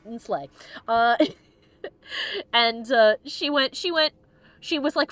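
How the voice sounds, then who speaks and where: A woman's voice: on the high side, measured pace, pauses often, a bit bright, dry recording. A woman streamer giving casual gameplay commentary, bubbly and joking, laughing often and acting out the characters' lines. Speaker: let's play streamer.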